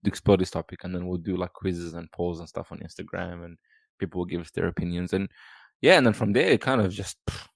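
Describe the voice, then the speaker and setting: A podcast guest, talking casually and rambling with lots of fillers and restarts. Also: male voice, low voice, fairly quick, vocal fry, no room sound. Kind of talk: casual chat.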